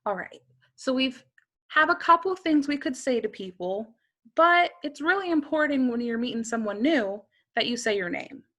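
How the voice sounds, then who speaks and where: A woman's voice: a little high, fairly bright tone. A woman teaching a beginner Spanish lesson, carefully modeling each phrase and quizzing the listener.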